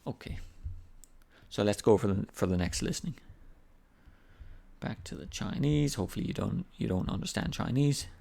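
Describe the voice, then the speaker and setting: A man's voice: lowish voice, animated, moderate pace, vocal fry, pauses often, dark tone. A man teaching an English lesson in a casual, patient way, repeating examples to explain them. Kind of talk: language lesson.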